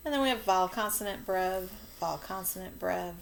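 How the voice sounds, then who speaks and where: A woman teaching a children's spelling lesson, dictating words slowly and walking through how to mark each syllable. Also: on the low side, gravelly, slight background noise. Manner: slow, stretched-out word dictation.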